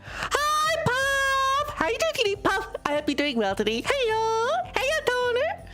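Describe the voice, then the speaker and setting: A woman with a high-pitched, giggly voice hosts a casual game livestream and reads the story aloud. Her voice sits very high and jumps around with lively ups and downs. Soft music plays faintly behind her. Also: unhurried. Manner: giggly, laughs often between sentences. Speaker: streamer.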